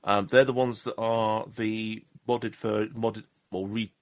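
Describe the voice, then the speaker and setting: Man, podcast host, casual rambling chat, jokey, slightly low voice. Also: little pitch movement, slow pace, dry recording. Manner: rambling, self-deprecating, jokey.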